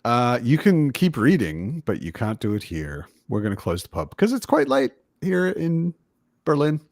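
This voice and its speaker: A man's voice: medium pitch, big pitch swings, moderate pace, darkish tone, no echo, clean studio sound. A man hosting a casual livestream book chat over a video call, rambling and correcting himself as he talks. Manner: rambling, self-correcting, chatty. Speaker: livestream host. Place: home in Berlin.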